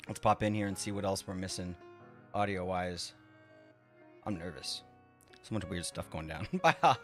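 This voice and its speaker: A man chatting casually with his live-stream viewers while he builds in a game, rambling, laughing often and swearing freely. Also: medium pitch.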